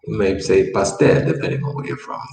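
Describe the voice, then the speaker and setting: Low, level, and darkish in tone, a man moves briskly through a Spanish classroom lesson while patiently repeating words and explaining each step. The mic is far off in an echoey room, with faint background noise.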